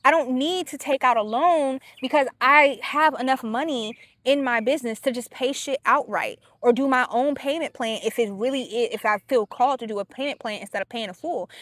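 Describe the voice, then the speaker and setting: Woman, high voice, podcast host, casual solo talk, blunt and profane, dry close sound. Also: dry recording. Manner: blunt, profane and animated, with quick quoted asides.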